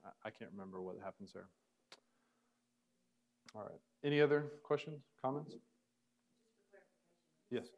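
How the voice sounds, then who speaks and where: A man lecturing to a small class in a church room, his voice sitting at an ordinary middle pitch. He explains loosely, pausing on fillers and starting sentences over. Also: animated. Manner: casual, filler-heavy explaining with restarts. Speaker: Bible Greek teacher.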